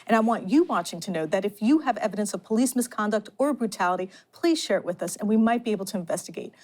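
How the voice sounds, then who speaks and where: A woman hosting an investigative news program, reading a scripted presentation in an earnest, measured way. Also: medium pitch, lively intonation, darkish tone. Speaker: host.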